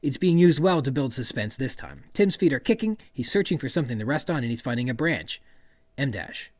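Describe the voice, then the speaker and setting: A man's voice: mid-range voice, brisk, no echo. A man hosting a podcast, analyzing a novel's writing and reading quoted passages aloud. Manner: reads quoted passages aloud, then explains them; lively, expressive emphasis. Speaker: podcast host. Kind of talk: literary analysis monologue.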